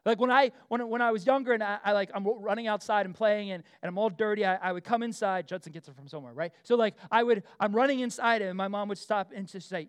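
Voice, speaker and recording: A middle-aged man preaching a casual, animated sermon, full of asides, fillers and quick questions to the room. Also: high-pitched, smooth. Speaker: pastor.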